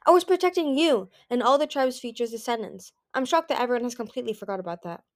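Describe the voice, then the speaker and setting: Woman reading as Darkstalker, a smooth persuasive dragon. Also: on the high side, quick pace, dry recording, studio quality, pitched above the performer's own voice, lightly acted. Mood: cross. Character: huge ancient male dragon, smooth and self-assured.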